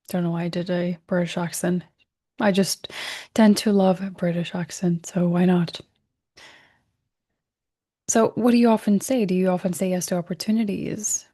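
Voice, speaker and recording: Hosting a recorded self-help workshop, this woman sounds gentle and reflective, sometimes fixing her words partway through and softening key terms into whispers. Her pitch is on the low side, her intonation fairly even, and her speed normal.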